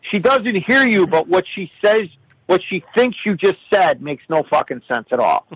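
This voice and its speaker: A man telling rambling comic stories in a casual, profane, animated way. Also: high-pitched, normal speed, breathy edge, low-quality recording. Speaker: regular of the show. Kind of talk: casual comedic storytelling.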